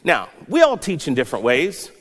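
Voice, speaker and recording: A man's voice: a little high, wildly swooping pitch, a little fast, fairly bright tone, husky. Guy pastor preaching, earnest, up and down for emphasis, long reverb hall. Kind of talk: sermon.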